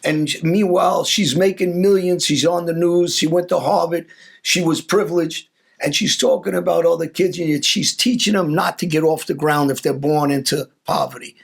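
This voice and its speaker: An opinionated male host with a heavily gravelly, husky voice pitched a bit high. He talks earnestly, restarting and doubling words as he presses his point. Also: fairly even intonation, normal speed. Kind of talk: casual conversation.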